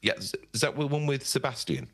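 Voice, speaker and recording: Husky English man hosting a chat. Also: medium pitch, very animated, brisk, a bit bright. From England. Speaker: podcast host. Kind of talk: casual podcast chat.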